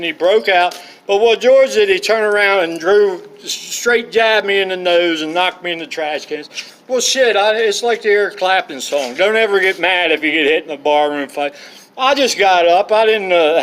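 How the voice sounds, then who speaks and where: A man's voice: fairly high pitch, a bit bright. Profane, rambling man with a raised voice. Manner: profane, digressive, blunt. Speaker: storyteller. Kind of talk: rambling personal anecdotes.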